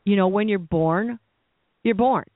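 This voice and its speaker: A man with a high voice, speaking a little slowly, preaches a sermon in a conversational, rambling way, asking listeners questions and adding asides. The recording is dry and narrow like a phone, with no room sound.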